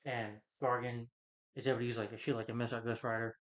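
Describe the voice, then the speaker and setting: A man's voice: medium pitch, flat delivery, fast, fairly bright tone, highs cut off. A man reviewing a film in a casual, rambling rant, retelling scenes loosely and filling gaps with lots of "you know" and "uh". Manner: loose, meandering retelling with many fillers.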